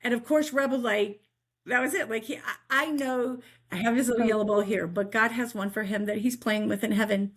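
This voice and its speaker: A middle-aged woman telling a faith-filled personal story as a guest, animated and chatty, often checking in with "right?". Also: a little high, a little fast.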